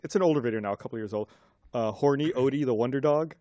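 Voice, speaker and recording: A man's voice: medium pitch, quick pace, lo-fi sound. A man co-hosting a casual podcast, describing things with many fillers. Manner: lively, uses many fillers like "like" and "uh". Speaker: podcast co-host.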